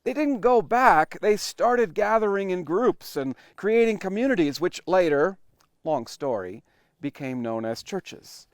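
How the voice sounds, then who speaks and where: A male pastor preaching a sermon, telling it like a story with dramatic pauses and sudden shifts between loud emphasis and hushed, quiet lines. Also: high-pitched, expressive, no echo, studio quality. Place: church online worship recording.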